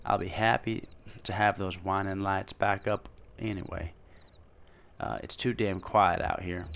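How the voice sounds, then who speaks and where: A man's voice: low-pitched, fairly even intonation, unhurried, creaky, a bit bright, clear, resonant tone, heavily acted. A man voicing a folksy, chatty older male gas station owner with a put-on drawling country voice. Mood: helpful.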